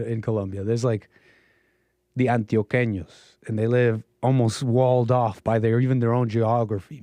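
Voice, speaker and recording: A man's voice: mid-range voice, warm tone, no echo. A slightly sick man hosting a call-in livestream, rambling and chuckling as he comments, recorded close to the mic. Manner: rambling, chuckling, self-interrupting. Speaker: livestream host. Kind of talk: casual call-in stream commentary.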